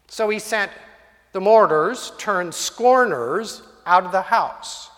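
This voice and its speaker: A man's voice: sits high, takes it slowly, fairly bright tone. A male preacher telling a story in a sermon, vivid and dramatic, in a church hall. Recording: long hall reverb.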